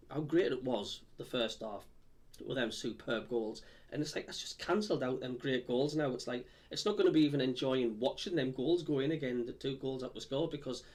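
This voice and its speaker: A man's voice: medium pitch, a little mellow. A man with a Sunderland (Mackem) accent, streaming live as a football fan, reading out viewer comments in a blunt, frustrated, deflated way with lots of ums. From Sunderland, England.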